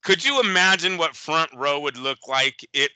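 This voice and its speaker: A man co-hosting a boxing podcast in casual chat, animated and profane, often slipping into quick impressions. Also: a little high, smooth, no room sound, poor audio. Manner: animated, profane, impersonates fighters. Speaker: boxing show co-host.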